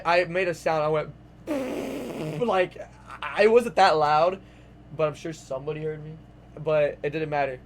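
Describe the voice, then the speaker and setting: A young man telling a long casual story to his vlog audience, rambling and animated, full of "like"s and swearing. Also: a little high, slight background noise. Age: young adult. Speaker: vlogger.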